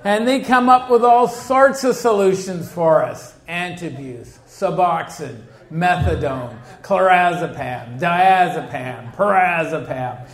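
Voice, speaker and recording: A man's voice: high voice, animated, slow, hardly any pauses. Storytelling man in an echoey hall. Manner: storytelling, acts out quoted people. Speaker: recovery speaker. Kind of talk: recovery meeting talk with humor. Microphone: handheld mic.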